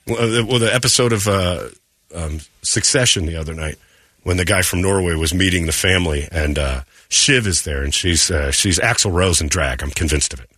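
A man's voice: low-pitched, moderate pace, pushed and bright, breathy edge, dry recording. A man hosting a morning radio show, telling stories in crude, joking, casual talk on a studio microphone.

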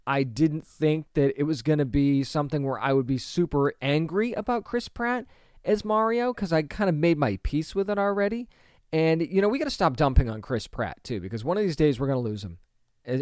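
A man's voice: fairly high pitch, darkish tone, no echo, clean studio sound. A man in his thirties or forties talking casually and emphatically to camera, asking rhetorical questions and restarting his sentences as he works through his opinion. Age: adult; grew up with a 1990s animated series, so 30s or 40s. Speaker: online movie commentator.

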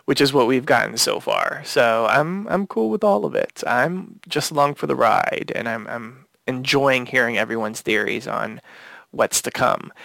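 A man co-hosting a casual podcast, walking through a TV episode beat by beat. His unhurried voice is gravelly yet smooth. The recording is dry and close. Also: medium pitch, dry recording. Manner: animated play-by-play recap, retelling scenes with quotes. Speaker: podcast co-host.

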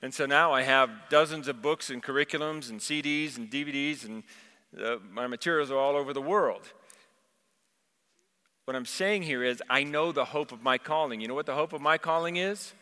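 A man delivers an impassioned sermon, his voice bright and forceful. He tells stories and quotes scripture. The sound rings out with a long reverb, as in a large church hall. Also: fairly high pitch, moderate pace, clean tone. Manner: impassioned storytelling, quoting scripture. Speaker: preacher.

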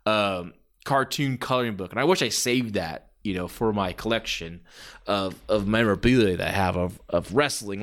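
A man's voice: mid-range voice, fairly bright tone. A man in his forties hosting a podcast, telling stories in a rambling, enthusiastic way with lots of fillers. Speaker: podcast host. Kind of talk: casual podcast monologue.

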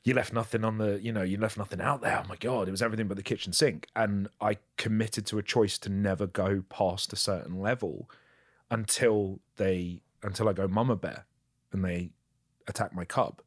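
A man's voice: lowish voice, fairly even intonation, moderate pace, dry recording, studio quality. A man, an actor, candidly recounting his work in casual chat, swearing freely and mocking himself. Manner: candid, profane, self-mocking storytelling. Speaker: actor guest.

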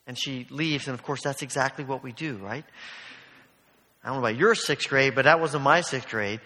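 A man's voice: mid-range voice, moderate pace, pushed and bright. A man preaching a sermon in a church, telling stories in a conversational way full of asides. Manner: storytelling, conversational, many asides. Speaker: pastor. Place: church sanctuary. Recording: long hall reverb.

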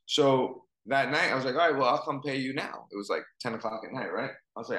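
A man's voice: medium pitch, quick pace, hardly any pauses, reverberant, rough recording. A man, a football coach, telling a story in casual conversation and acting out the dialogue. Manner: animated storyteller, acts out dialogue.

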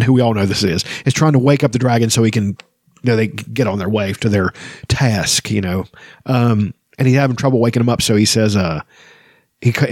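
A man's voice: lowish voice, darkish tone, dry recording, studio quality. A man hosting a casual book podcast, reading passages aloud and rambling between them with frequent ums and you-knows. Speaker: book discussion podcast host.

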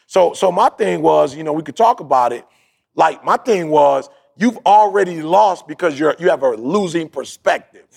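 A man's voice: a little high, normal speed, vocal fry, breathy edge. A man co-hosting a podcast, casually telling a story with slang and acting out quoted talk. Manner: animated storyteller, acts out quoted dialogue; uses street slang, "yo, bro". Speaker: podcast co-host. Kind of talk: casual chat.

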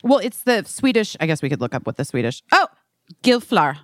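A woman's voice: lowish voice, very animated, fairly quick, a bit bright, no room sound, studio quality. A woman chatting casually over a video call, rambling and swearing freely. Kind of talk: casual chat.

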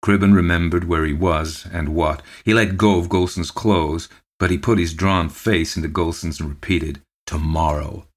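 A man with a deep, low voice reads a ghost story aloud for his podcast. His delivery is measured and steady, carrying the narration line by line.

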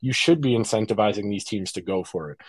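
A man co-hosting a casual hockey podcast, opinionated and animated, often restarting his sentences. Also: lowish voice, fast talker, husky, no echo. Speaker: podcast co-host.

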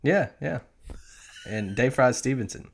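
A man's voice: medium pitch, unhurried, gravelly, slightly rough. A man co-hosting a sports podcast, talking loosely with lots of "like" and easy laughs. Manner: relaxed, many "like" fillers, easy laughs. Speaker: podcast co-host. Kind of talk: casual sports podcast chat.

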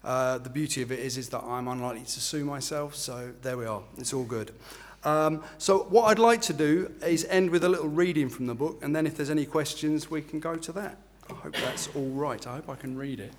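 A man's voice: on the high side, a little fast. A middle-aged man, an author from England, giving a self-deprecating talk with filler ums and then reading a passage from his book.

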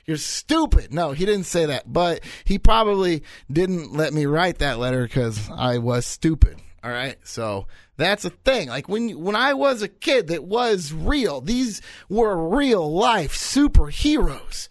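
A man in his thirties hosting a solo podcast, talking in an animated, rambling way and repeating his points for effect. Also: a little high, measured pace, few pauses, dry recording. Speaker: podcast host.

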